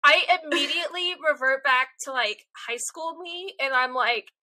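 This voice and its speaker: Young woman podcast co-host, animated rambler, high bright voice, dry close sound. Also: normal speed, dry recording. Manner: animated, rambling, self-deprecating. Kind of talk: casual chat.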